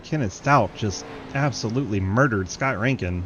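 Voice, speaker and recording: A man giving live, joking play-by-play commentary on an online race, laughing often and getting excited at crashes. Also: lowish voice, moderate pace, dull audio, background noise. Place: home setup, online sim race broadcast.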